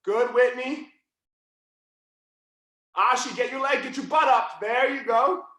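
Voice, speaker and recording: A man teaching a live online jiu-jitsu class, yelling his coaching cues as he walks students through each move. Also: extremely high pitch, slow, very echoey.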